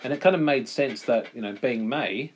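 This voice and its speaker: A man's voice: mid-range voice, moderate pace, breathy edge. An Australian man co-hosting a podcast, chatting casually, rambling and correcting himself as he goes. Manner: rambling, self-correcting, says "actually" often. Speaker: podcast co-host.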